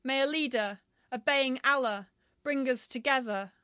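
A woman giving a solemn, measured reading of a translated poem. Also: sits high, sharp tone, no echo, studio quality. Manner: measured, grave recitation. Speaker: poetry reader.

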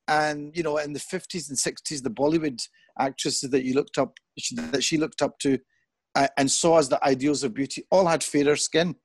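A middle-aged man talking in an earnest, thoughtful way as an interview guest. He grows animated when he quotes other people. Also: fairly high pitch, dry recording. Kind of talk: reflective conversation.

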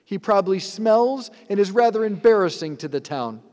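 A man's voice: high-pitched, lively intonation, moderate pace, a little mellow. A man, a priest, giving a sermon in an earnest, conversational way with rhetorical asides. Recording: long hall reverb.

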